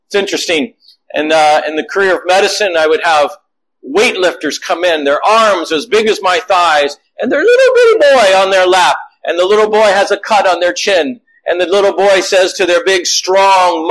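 A man's voice: sits high, poor audio. A middle-aged man preaching a sermon, telling family stories and acting out the voices of the people in them. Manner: animated storytelling, acting out quotes.

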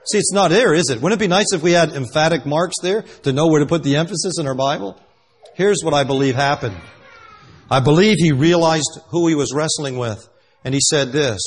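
A man preaching a sermon, emphatic and dramatic, swinging between loud stresses and hushed asides. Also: fairly high pitch, brisk, husky.

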